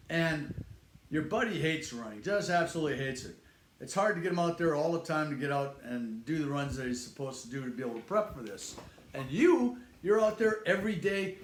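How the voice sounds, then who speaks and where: Blunt older man talking in an echoey room. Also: fairly high pitch. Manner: blunt, conversational, acts out quoted voices. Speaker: fitness channel host, retired instructor. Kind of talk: casual talk to camera. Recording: echoey room with faint noise.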